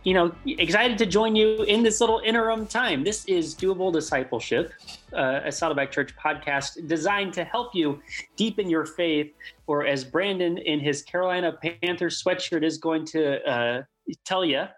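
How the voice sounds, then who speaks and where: A man's voice: on the high side, normal speed, a bit bright. A man co-hosting a church podcast in casual chat, upbeat and chatty with many fillers. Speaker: podcast co-host.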